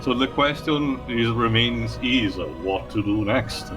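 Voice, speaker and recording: A man's voice: mid-range voice, a little slow. A man hosting a let's play, explaining the game's story in casual commentary and laughing often. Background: game music.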